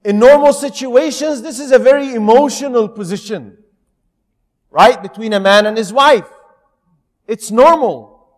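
A man delivers a sermon in a strikingly high voice, unhurried and earnest. He tells stories and speaks straight to his listeners. His words ring out with a long reverb, as in a large hall. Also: a bit bright. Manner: earnest storytelling, addresses the audience directly. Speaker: preacher.

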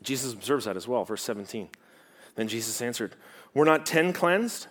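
With a mid-range voice at normal speed, this man preaches as pastor in an animated, teacherly way. Rhetorical questions punctuate the sermon, and loud emphasis gives way to quiet stresses.

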